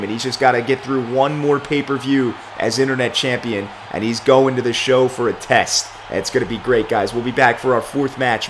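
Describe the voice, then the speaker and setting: A young man giving mock wrestling play-by-play over a video game, excited on the big moves and rambling through storyline recaps. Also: medium pitch, a little hiss or hum. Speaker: play-by-play commentator for his own game series.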